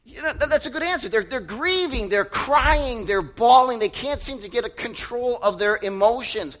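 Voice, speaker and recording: A man's voice: very high-pitched, expressive, moderate pace, low-quality recording. A young man preaching a sermon, talking with the congregation in a conversational way, asking them questions and acting out voices. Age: young adult. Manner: acts out loud shouted voices and asides. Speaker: pastor.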